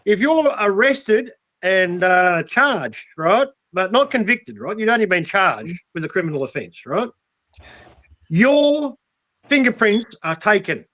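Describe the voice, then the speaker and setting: Aussie bloke, high voice, swears every other word, keeps saying mate. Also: male voice, sing-song, a little slow, sharp tone. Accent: Australian. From Australia. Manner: swears constantly, says mate a lot. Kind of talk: casual chat.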